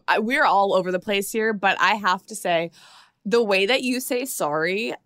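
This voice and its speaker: A woman's voice: medium pitch, moderate pace, fairly bright tone, dry recording, studio quality. Chatty woman podcast host from Minnesota. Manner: chatty, giggly, enthusiastic. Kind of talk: casual chat interview.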